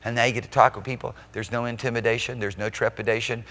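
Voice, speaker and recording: A man's voice: medium pitch, little pitch movement, fast talker, long reverb tail. Emphatic male pastor preaching a sermon. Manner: emphatic preaching, swinging between loud exclamations and soft intimate asides; rhetorical check-ins with the congregation. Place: church sanctuary during a live service.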